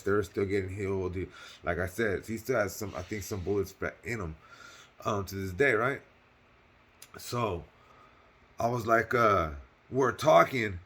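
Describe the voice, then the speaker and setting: A man's voice: lowish voice, fairly bright tone. A man casually telling a personal story on his channel, in loose slang with cursing and lots of fillers, earnest and heartfelt.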